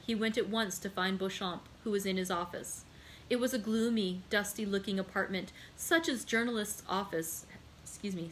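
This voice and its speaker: A woman's voice: medium pitch, slight background noise, low-quality recording. Woman reading a classic novel aloud. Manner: steady, unhurried, corrects own slips. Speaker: librarian host reading aloud. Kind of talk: book read-aloud narration.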